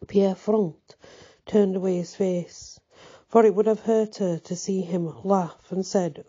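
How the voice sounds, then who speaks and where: Husky-voiced woman reading a story. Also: mid-range voice, fairly even intonation, takes it slowly, mellow. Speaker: narrator reading a novel aloud. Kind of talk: storybook narration. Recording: dull lo-fi recording.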